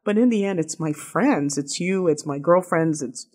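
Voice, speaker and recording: An older woman hosts a relaxed group conversation, her voice sitting a bit low. She tells stories with energy and slips into quoted voices along the way. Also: normal speed. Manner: lively storyteller, jumps into quoted voices. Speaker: host, doctor. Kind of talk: casual group talk.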